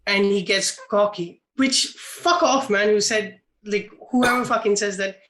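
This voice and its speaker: A man's voice: high voice, measured pace, pushed and bright, rough recording. A man co-hosting a casual film podcast, emphatic and swearing for emphasis. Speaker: podcast co-host.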